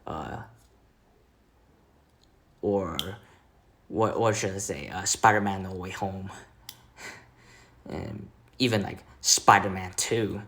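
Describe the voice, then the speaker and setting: A man's voice: low voice, fairly even intonation, slow pace, creaky, pauses often, a bit bright. A man chatting casually as a streamer host, rambling and hesitant as he restarts his words. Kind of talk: casual chat.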